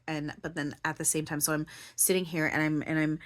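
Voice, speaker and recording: A woman's voice: low-pitched, little pitch movement, fairly quick. A woman talking through her feelings in a rambling personal monologue, filling her talk with "like" and "you know", at times close to tears. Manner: rambling, full of "like" and "you know", restarts often. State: near tears, voice breaking. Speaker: spiritual channeler and vlogger.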